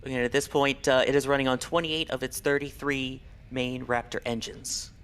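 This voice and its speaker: A man giving live launch commentary in a measured, informative way, with a few fillers. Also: medium pitch, little pitch movement, a bit bright, smooth.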